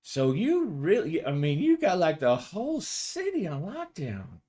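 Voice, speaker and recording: A brash veteran policewoman with a high, sing-song voice that drips with teasing, as a man puts her on. She draws out her words to needle the people around her. This is a tabletop role-play voice. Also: huge pitch swings, mellow, exaggerated voice. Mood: taunting. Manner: sing-song taunting, drawn-out. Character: mocking senior female cop, brash teaser.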